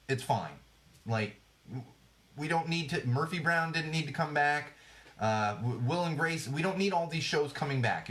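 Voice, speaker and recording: A podcast host in his thirties, speaking into a podcast mic at medium pitch with a slightly bright voice, rambles casually and sarcastically about TV trends, full of fillers and restarts.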